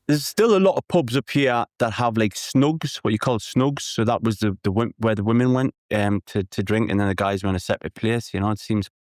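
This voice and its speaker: A man with a broad Geordie accent talks as a podcast guest, rambling and joking with plenty of restarts. His voice sits fairly low. The sound is close and dry. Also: brisk, few pauses, darkish tone, no echo. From North East England. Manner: chatty, jokey, loose rambling with restarts. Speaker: guest artist. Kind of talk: casual podcast chat.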